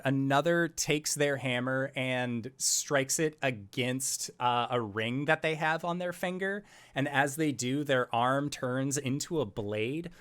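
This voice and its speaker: A man's voice: medium pitch, a bit bright, clean tone. A man narrating as game master of a tabletop role-playing game, loose and full of fillers.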